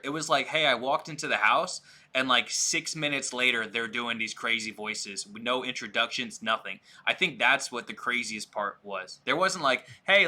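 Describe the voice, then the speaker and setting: A man's voice: mid-range voice, sharp tone. A man hosting a podcast, telling a rambling, self-deprecating story in casual chat.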